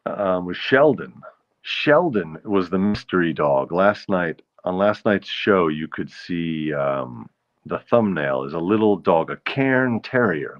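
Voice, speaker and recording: A man with a low voice hosts his own show, wandering from one jokey story to the next. The sound is dull and lo-fi, as if from a modest home setup. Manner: jokey, rambling, breaks into falsetto bits. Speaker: show host. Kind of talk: casual solo show chat.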